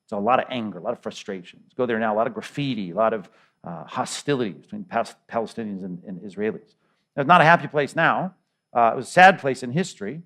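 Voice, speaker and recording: A man's voice: lowish voice, animated, quick pace, fairly bright tone. A middle-aged male pastor preaching a sermon in a conversational way, with repeated words and rhetorical questions.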